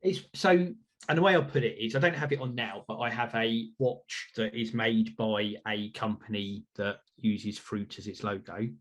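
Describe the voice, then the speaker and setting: A man's voice: on the low side, normal speed, a bit bright. A man hosting a podcast, chatting casually in an upbeat, self-reflective way. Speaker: podcast host.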